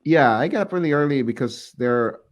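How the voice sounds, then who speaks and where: Co-host: a man at mid pitch, easygoing and inquisitive, a bit rambling. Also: fairly quick. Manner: relaxed, curious, rambling. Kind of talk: casual interview chat.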